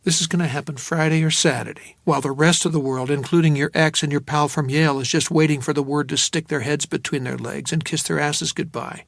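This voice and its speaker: A man's voice: a little high, a little fast, vocal fry, hardly any pauses, dry recording. Dry-voiced male audiobook narrator. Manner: steady, wry, dry delivery. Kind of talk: first-person novel narration.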